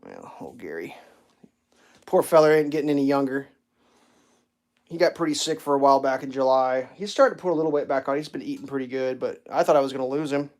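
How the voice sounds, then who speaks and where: A man's voice: medium pitch, fairly even intonation, fast, a little mellow. A man hosting a casual home livestream, telling rambling stories and talking to his cat. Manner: rambling storyteller, stammers on restarts; baby talk with his cat. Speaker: livestream host. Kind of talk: casual chat.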